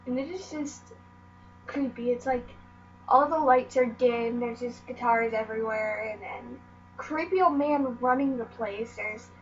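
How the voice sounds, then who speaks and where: A woman's voice: on the high side, a little slow. A teenage girl vlogger telling stories from her life in a rambling, meandering way, full of "like" and "um". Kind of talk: casual storytelling vlog. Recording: dull lo-fi audio with faint mains hum.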